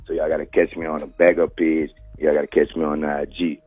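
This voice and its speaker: A man's voice: rumbling low, level tone, fast, slightly rough, no echo, soft background music. A man from New Orleans with a New Orleans accent, a podcast host talking casually in an interview, full of street slang and "you heard me". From New Orleans, Louisiana. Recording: tinny phone-line radio call.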